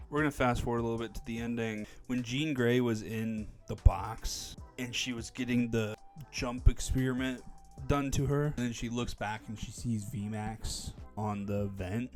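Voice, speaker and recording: A man giving a casual spoken movie review, animated, often acting out characters' lines in a raised voice. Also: mid-range voice.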